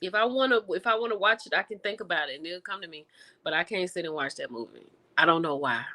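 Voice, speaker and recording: A woman hosting a livestream, chatting casually with her viewers and reacting with lively exclamations. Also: on the low side, fast talker. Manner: animated and expressive, with exclamations; talks to viewers directly, reading and answering chat. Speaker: livestream host reviewing TV and film.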